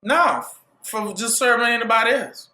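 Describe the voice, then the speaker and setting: A man preaching in a high, swooping voice that rises and falls widely. He keeps throwing rhetorical questions at his listeners in call-and-response fashion. The recording carries a noticeable room echo. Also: lively intonation, normal speed, pushed and bright. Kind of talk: sermon.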